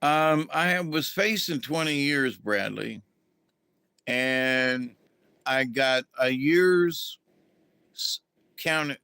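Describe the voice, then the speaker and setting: Slow, gravelly man chatting. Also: mid-range voice, pushed and bright, no room sound. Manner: rambling, folksy, greets viewers mid-story. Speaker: livestream host. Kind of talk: casual storytelling to a live chat.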